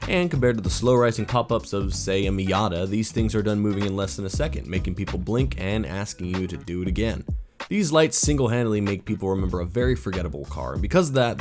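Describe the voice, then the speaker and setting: A young man hosting a car video in casual scripted commentary, opinionated and playful with jokey asides. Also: on the low side. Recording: music playing behind the voice.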